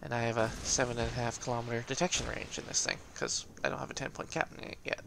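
A man giving casual, excitable gameplay commentary, laughing often and swearing cheekily. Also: mid-range voice, normal speed, creaky, slight background noise.

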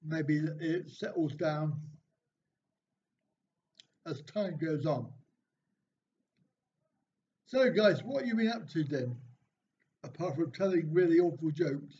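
Man, live-stream host, reads chat jokes aloud, dry self-mocking replies, slightly high voice, muffled sound. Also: animated, takes it slowly, long pauses, warm tone. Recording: dull, slightly lo-fi stream audio with faint noise.

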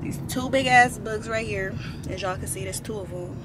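A woman's voice: mid-range voice, moderate pace. A young woman talking to her vlog camera while driving, out of breath and chatty, rambling on. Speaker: vlogger. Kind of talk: casual vlog chat. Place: in a car, driving. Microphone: phone or camera on a window tripod. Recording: car with road noise. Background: road and vehicle noise.

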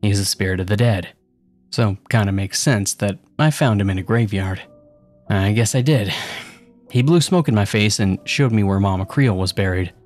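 A man's voice: lowish voice, normal speed, a little mellow, soft background music. A man narrating a first-person horror story with a casual, sarcastic tone.

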